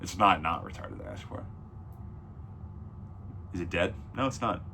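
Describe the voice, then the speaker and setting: A man's voice: deep voice, lively intonation, measured pace, vocal fry, sharp tone, slight background noise. A man giving a casual, blunt film review, rambling and correcting himself mid-sentence. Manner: blunt and opinionated. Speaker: movie reviewer.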